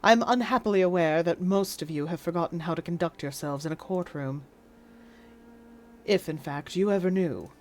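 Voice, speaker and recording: A woman's voice: fairly low pitch, moderate pace, voice pushed down, lightly acted. A woman voicing a stern, pompous courtroom judge in an attempted received pronunciation accent. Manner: stern, formal, commanding.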